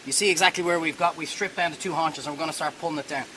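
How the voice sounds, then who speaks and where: A man's voice: on the high side, very fast, bright, forceful tone, slight background noise, low-quality recording. A man hosting a cooking show, talking viewers through a hands-on demonstration in a chatty, reassuring way that wanders off topic.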